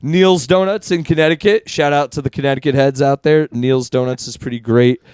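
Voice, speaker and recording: A man co-hosting a podcast, rambling through loose, laughing stories with plenty of casual swearing. His voice is smooth and clear and sits in a middle register. The sound is dry and close. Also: mid-range voice, brisk, darkish tone, no echo. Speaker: podcast co-host. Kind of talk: casual chat.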